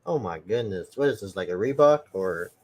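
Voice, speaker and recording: Excitable laughing man from Brooklyn. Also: on the low side, moderate pace. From New York. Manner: laughs often, excitable, slangy. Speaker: co-host. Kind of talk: casual chat on a live stream.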